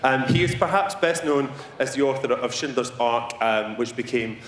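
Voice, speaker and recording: A man hosts a live podcast event on stage, playful and joking as he introduces a guest. The roomy venue gives his voice a clear echo. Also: mid-range voice, moderate pace, slight background noise. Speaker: podcast host.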